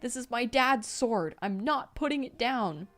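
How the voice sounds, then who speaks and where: A woman voicing a proud, hot-tempered teenage boy who shouts defiantly. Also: fairly high pitch, animated, measured pace, soft background music, pitched above the performer's own voice. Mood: tearful defiance.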